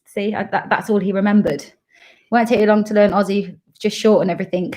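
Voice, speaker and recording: A woman's voice: medium pitch, steady tone, brisk, a little mellow. Woman, from Coventry, thirties, chatty, giggly, casual live stream. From Coventry, England. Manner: chatty, bubbly, laughs often. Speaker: dementia carer and travel vlogger.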